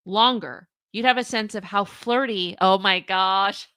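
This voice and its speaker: A woman's voice: medium pitch, slow, pushed and bright, smooth, dry recording, clean studio sound. A young woman hosting a live reaction stream, reading messages aloud and reacting with laughing disbelief. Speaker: commentary livestream host.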